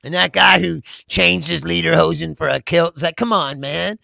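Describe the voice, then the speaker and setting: A man's voice: a little high, normal speed, gravelly, no room sound, studio quality. A middle-aged man hosting a casual political chat, reading viewer comments and answering with profane, laughing stories. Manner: laughing, profane, animated storytelling.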